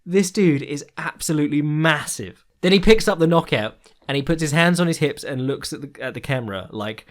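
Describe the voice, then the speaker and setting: A man hosting a podcast, talking casually, rambling with lots of ums and swearing freely. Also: medium pitch. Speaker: podcast host.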